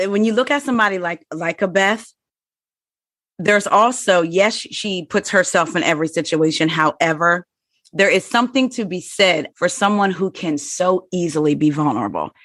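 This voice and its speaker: A woman in her forties talking candidly in a casual chat, animated and telling personal stories. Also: on the low side, normal speed, dry recording, studio quality. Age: 40s. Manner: candid and animated, acts out quoted voices. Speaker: podcast guest.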